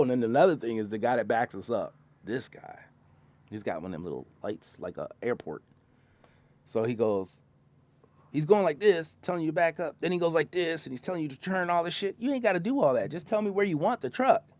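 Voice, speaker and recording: A man with a voice on the high side, big pitch swings and a fairly quick pace tells profane stories in casual bar talk about driving a concrete truck, acting out his coworkers.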